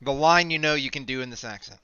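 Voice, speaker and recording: A man running a tabletop game as game master, chatting and coaching quickly. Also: medium pitch, bright, forceful tone, clear, resonant tone. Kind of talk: casual tabletop game narration. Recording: dull lo-fi mic.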